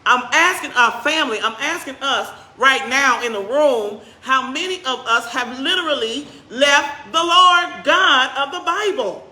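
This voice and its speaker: A woman pastor preaching in a church sanctuary, her voice bright and sharp. Her delivery is conversational and animated, and she speeds up and slows down for emphasis. The room gives a roomy, echoing sound. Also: high voice. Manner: conversational preaching, questions to the congregation. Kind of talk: sermon.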